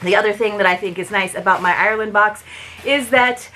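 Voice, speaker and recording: A woman's voice: medium pitch, brisk, sharp tone, a little hiss or hum. A woman reviewing a subscription box in a casual, chatty unboxing, with many small asides.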